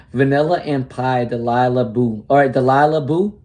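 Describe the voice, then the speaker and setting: A man's voice: medium pitch, fairly even intonation, measured pace, darkish tone. Upbeat New York man reading tarot. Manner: upbeat, encouraging, reads viewer questions aloud. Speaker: tarot reader. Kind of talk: live-stream tarot reading.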